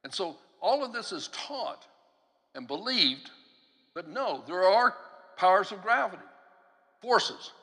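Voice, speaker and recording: A man with a high, bright, ringing voice delivers a teaching sermon in a church sanctuary. He tells animated stories, laughs between phrases and acts out the people he quotes. His voice carries a long hall reverb. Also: slow, long pauses. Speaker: preacher.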